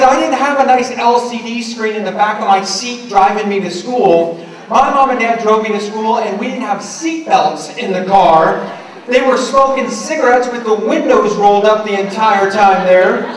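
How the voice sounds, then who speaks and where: Speaking to an audience of teachers, this middle-aged education speaker delivers a motivational talk in a high voice, bringing his stories to life by performing the characters' voices. Slight background noise is present, and the mic picks him up from afar in a room full of echo.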